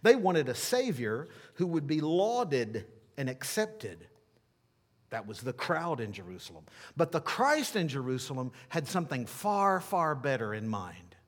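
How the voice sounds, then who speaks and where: A pastor preaching in a slow, measured cadence. He leans hard on key words and then drops to a hushed tone. He ends by leading a prayer. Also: fairly high pitch, very animated. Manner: emphatic preaching with wide swings from loud to hushed. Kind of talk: sermon with closing prayer.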